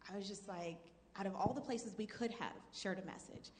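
A woman's voice: medium pitch, brisk, darkish tone. A woman co-hosting a talk show, chatting in an upbeat, reflective way. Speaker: co-host. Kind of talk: casual chat. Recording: reverberant hall, faint background noise.

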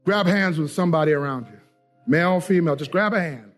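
A male pastor preaching a sermon in church, fiery and call-and-response, swinging from shouts down to a quiet prayer. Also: on the high side, moderate pace, pauses often, soft background music. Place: church sanctuary with a congregation.

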